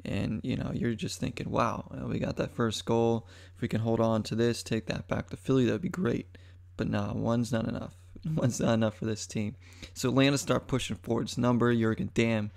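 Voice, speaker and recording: A young adult man hosting a podcast, giving an excited, rambling match recap full of fillers. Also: medium pitch, creaky. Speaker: podcast host. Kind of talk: casual sports talk monologue.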